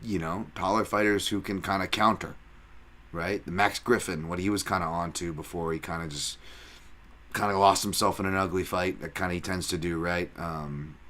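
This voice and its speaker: A man hosts a fight podcast, picking apart matchups in loose, rambling talk full of swearing. He drops in self-mocking asides as he goes. His voice sits on the lower side but sounds bright and forceful. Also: steady tone, normal speed. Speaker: podcast host and fight analyst. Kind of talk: casual fight breakdown chat.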